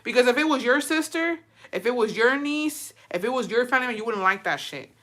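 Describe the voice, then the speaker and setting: Bright-voiced woman ranting, outraged. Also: fairly high pitch, animated. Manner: profane, outraged, fast-shifting rant. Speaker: commentator reacting to a story. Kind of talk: heated reaction commentary.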